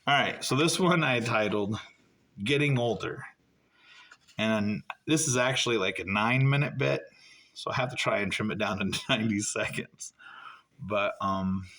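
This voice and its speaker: A middle-aged man doing stand-up storytelling, jumping high in pitch when he acts out dialogue. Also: a little slow, long pauses. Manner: animated, jumps high when acting out dialogue. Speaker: stand-up comedian.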